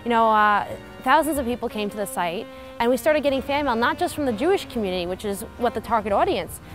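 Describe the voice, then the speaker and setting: A woman's voice: fairly high pitch, animated, quick pace, soft background music. A young adult woman cartoonist speaking in an interview, upbeat and earnest.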